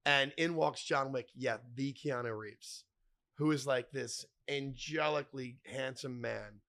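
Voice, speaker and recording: Unhurried yet pushed and bright, this medium-pitched male voice belongs to a middle-aged podcast host recording in a bar. He spins loose, profane, joking stories loaded with name-dropping.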